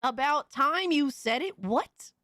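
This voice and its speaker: A woman streamer reacting to clips live, with loud, incredulous exclaiming and cursing. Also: sits high, expressive, takes it slowly, no echo, clean studio sound. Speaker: streamer host.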